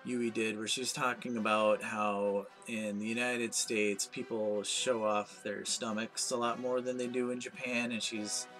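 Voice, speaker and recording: A man's voice: lowish voice, little pitch movement, a little slow, hardly any pauses, fairly bright tone, faint music behind. Anxious rambling man vlogging. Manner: anxious, rambling, self-mocking. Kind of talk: comedic monologue rant.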